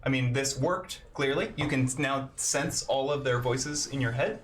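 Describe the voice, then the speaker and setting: A man running a tabletop game as game master, narrating in a relaxed, halting way with frequent fillers. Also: mid-range voice, a little hiss or hum.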